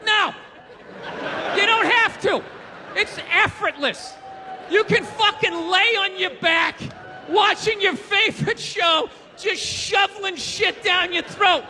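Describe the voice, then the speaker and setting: Shouting, ranting male stand-up comedian. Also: very high voice, a little hiss or hum. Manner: loud, ranting, profane, often shouting. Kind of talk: stand-up routine. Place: live comedy stage. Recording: live stage mic with loud crowd.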